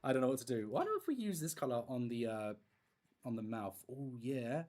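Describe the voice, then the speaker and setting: A livestream host and content creator chatting casually with viewers while colouring, excitable and gushing. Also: medium pitch, brisk. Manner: excitable and gushing, talking to chat.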